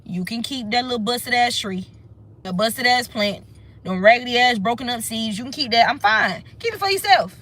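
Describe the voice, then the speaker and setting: Sassy, high-voiced woman reading tarot. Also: moderate pace, a bit bright. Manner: sassy, emphatic, profane, repeats phrases. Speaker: tarot reader. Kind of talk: casual tarot reading vlog.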